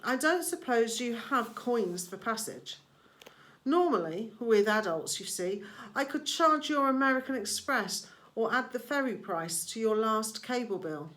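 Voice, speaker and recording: A woman voicing a smooth, coldly menacing male ferryman of the dead with a British accent. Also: on the high side, expressive, unhurried, fairly bright tone. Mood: silky menace. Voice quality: silky, sweetly menacing.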